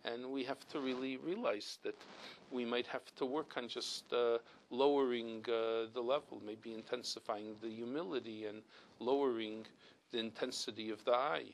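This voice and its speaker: A man's voice: mid-range voice, fairly even intonation, normal speed, slight background noise, poor audio. Earnest middle-aged man teaching a religious class. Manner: earnest, emphatic teaching with frequent restarts and repeated words. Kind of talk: weekly religious text class.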